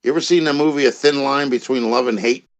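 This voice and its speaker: A man's voice: mid-range voice, quick pace. An older man in a played clip, talking plainly and explaining his views, often adding "you know.". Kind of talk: casual talk.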